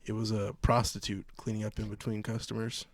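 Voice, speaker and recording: A man co-hosting a casual podcast, telling stories in an animated way with a lot of swearing. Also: lowish voice, fairly quick, no echo, clean studio sound. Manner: profane, animated storyteller. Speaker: podcast co-host. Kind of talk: casual chat. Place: remote recording, like a video call.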